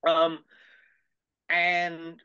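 A man's voice: fairly high pitch, extremely slow, smooth. An older man, a podcast guest, recounting an anecdote at length and acting out the dialogue in different voices. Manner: animated, acts out dialogue in voices. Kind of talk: anecdotal storytelling. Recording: dull lo-fi call audio.

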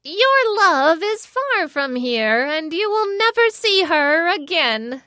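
A woman's voice: very high voice, sing-song, takes it slowly, bright, forceful tone, no echo, clean studio sound, pitched above the performer's own voice, heavily acted. A woman voicing a cruel, jealous old witch in a storybook reading, scolding and cackling. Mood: cruel gloating.

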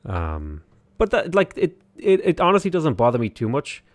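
A man from Ireland, with an Irish accent, chats loosely while livestreaming a strategy game and reading viewer comments. His rambling talk is full of "like" fillers and restarts. His voice is fairly high with huge pitch swings at normal speed, and there's no room sound.

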